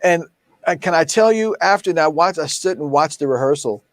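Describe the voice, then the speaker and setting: Male drum teacher, casual storyteller, a bit high-voiced, close and dry. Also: normal speed, dry recording. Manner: animated, laughs often, acts out quoted speech. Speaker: drum clinician.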